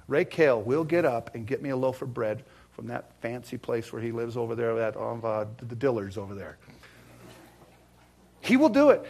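A man preaching a sermon in a folksy way, swinging from hushed asides to loud, fervent passages. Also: medium pitch, creaky. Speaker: pastor.

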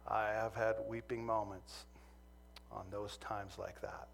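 A man's voice: lowish voice, flat delivery, slow pace, creaky, a bit bright, a little hiss or hum. Man from Montana preaching through a story. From Montana, USA. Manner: humorous storytelling, growing earnest. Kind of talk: sermon with personal story.

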